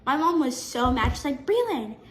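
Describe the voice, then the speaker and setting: A teenage girl with a high voice chats to her viewers, animated and quick to restart her sentences. She is recorded in an echoey room with a faint hum in the background. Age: teen. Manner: chatty, animated, frequent restarts. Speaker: vlogger. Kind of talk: casual storytelling to camera.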